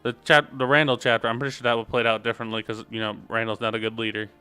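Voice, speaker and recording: A young male streamer riffing on a story game, casual and joking, drifting off on tangents. His voice is smooth and clear, with soft game music underneath. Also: medium pitch, flat delivery, racing.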